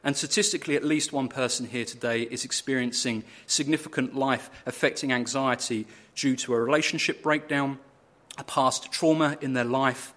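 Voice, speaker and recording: Male preacher, bright voice, earnest measured sermon delivery with repeated emphasis. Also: medium pitch, fairly even intonation. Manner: earnest, measured, building emphasis through repetition. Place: church.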